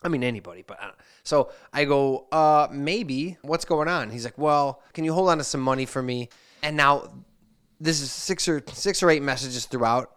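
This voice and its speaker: Smooth-voiced man telling a rambling story. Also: medium pitch, normal speed, fairly bright tone. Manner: rambling anecdotal storyteller, acts out quoted messages. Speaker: podcast host. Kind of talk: casual storytelling chat.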